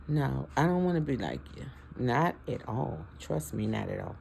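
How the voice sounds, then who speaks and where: Gravelly-voiced woman vlogger. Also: rumbling low, sing-song, moderate pace, a little mellow, slight background noise. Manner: preachy, emotional, talks straight to followers. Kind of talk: casual heartfelt talk to camera.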